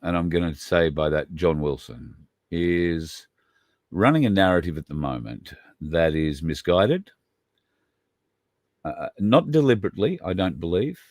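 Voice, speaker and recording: A man's voice: sits low, lively intonation, measured pace, dry recording, studio quality. A man hosting a livestream, talking casually and rambling, addressing viewers by name. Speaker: podcast host.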